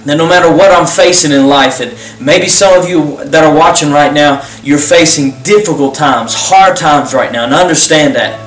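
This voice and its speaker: Fervent preaching man, higher voice. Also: moderate pace, few pauses, a bit bright, soft background music. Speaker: pastor and host. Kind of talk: closing altar call and prayer. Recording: roomy sound, distant mic.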